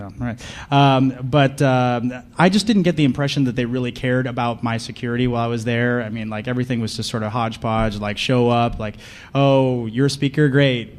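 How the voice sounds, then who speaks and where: A male conference panelist with an ordinary mid-pitched voice works the room in a loose comedic riff. He sounds sarcastic and mock-paranoid, with a dry, deadpan delivery, and he keeps tossing quick questions at the audience. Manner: sarcastic, riffing, asks the crowd questions. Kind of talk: comedic live talk to an audience.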